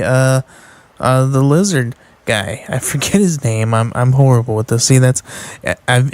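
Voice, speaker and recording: Rambling man recapping comics, flat voice. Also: mid-range voice, clean tone. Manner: rambling, with many fillers and restarts, reading out panels. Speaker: podcast host reviewing comic books. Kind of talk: casual comic book recap.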